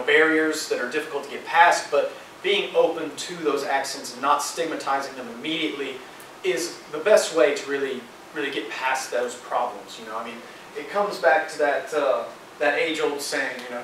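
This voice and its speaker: A man's voice: medium pitch, moderate pace, fairly bright tone, slight background noise. A young man giving a casual class presentation, with frequent fillers and restarts. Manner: informal, many fillers. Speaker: student presenter. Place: lecture room. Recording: echoey lecture hall, distant mic.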